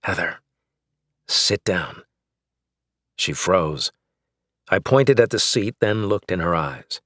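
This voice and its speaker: Low-voiced male audiobook narrator. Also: lively intonation, a little slow, no echo, studio quality. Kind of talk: first-person scripted narration.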